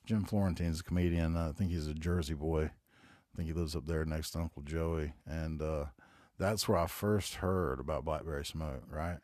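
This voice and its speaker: Brief: very low-voiced Southern man in his forties, loose profane podcast monologue, dry close mic. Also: steady tone, normal speed, a little mellow, dry recording. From North Carolina. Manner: rambling, profane, laid-back storytelling. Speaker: podcast host. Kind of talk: casual solo podcast monologue.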